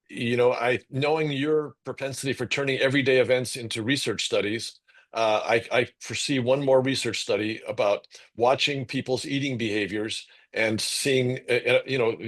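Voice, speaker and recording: A man hosting a webinar over a video call, speaking in a measured, reflective way. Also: mid-range voice. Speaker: webinar host and moderator. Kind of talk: conversational moderation.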